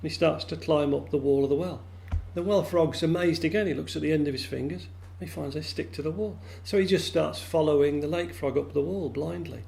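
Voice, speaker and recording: A man telling a folk tale to friends over a video call, lively and animated, jumping into high squeaky voices for the characters. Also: fairly quick, gravelly, few pauses. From England. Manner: lively, acts out frog voices with big pitch jumps. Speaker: storyteller.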